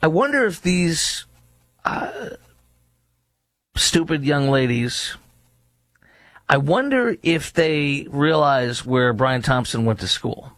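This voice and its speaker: A man's voice: fairly high pitch, expressive, slow pace, long pauses, a bit bright, dry recording. A man giving indignant opinion commentary, mocking and asking repeated rhetorical questions, with many fillers. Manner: frequent fillers and restarts. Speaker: political commentator.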